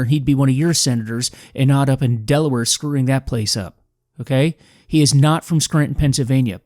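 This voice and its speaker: A man's voice: medium pitch, darkish tone, no room sound, clean studio sound. A man hosting a podcast, giving an emphatic, combative political commentary monologue in a preachy manner. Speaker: podcast host.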